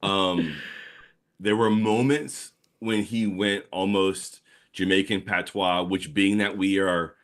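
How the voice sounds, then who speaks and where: A man's voice: low voice, slow. A man from the New area, telling stories in a casual podcast chat. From New Orleans area, Louisiana. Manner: animated storytelling with laughs. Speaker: guest comic artist.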